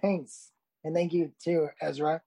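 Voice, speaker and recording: A woman's voice: sits low, little pitch movement, a little slow, dark tone. A woman guesting on a casual podcast, answering briefly and in a friendly way.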